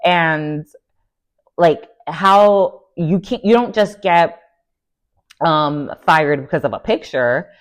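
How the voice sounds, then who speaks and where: Woman, slightly low voice, casual reality TV recap, chatty, animated, lots of fillers. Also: slow pace. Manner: chatty, animated, full of fillers, laughing asides. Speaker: recap vlogger.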